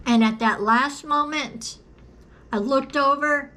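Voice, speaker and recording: Slow, earnest woman with a bright voice. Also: high-pitched. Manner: earnest, slow and deliberate, repeats phrases for emphasis. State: coughing at times. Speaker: video creator sharing a personal story. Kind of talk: personal testimony to camera.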